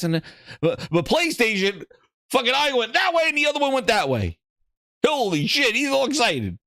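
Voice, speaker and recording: A man with a high, lively voice hosts a gaming podcast, rambling and swearing as he laughs at his own jokes. The sound is dry and close, with no room around it. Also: no room sound. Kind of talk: excited casual chat.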